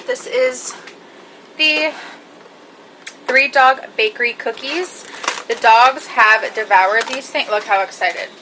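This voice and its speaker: A young woman chatting casually to camera in her home kitchen, upbeat and giggly. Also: on the high side. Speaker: vlogger. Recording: home camera with clear background noise.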